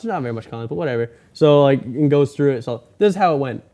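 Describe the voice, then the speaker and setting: Rambling young man with a dark voice. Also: mid-range voice, animated, fast, few pauses. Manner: rambling storyteller, acts out quoted people in a raised voice. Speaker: podcast host. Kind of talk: casual chat.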